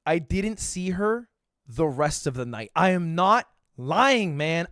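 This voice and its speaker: A man's voice: a little high, very animated, slow, fairly bright tone, no room sound, studio quality. A young man, an online creator, telling a casual story with lots of self-mocking energy and frequent swearing.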